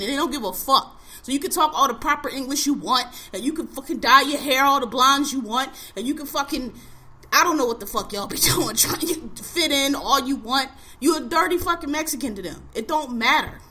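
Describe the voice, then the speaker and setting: A woman's voice: sits high, pushed and bright. A woman co-hosting a casual podcast discussion, ranting heatedly and profanely with heavy emphasis.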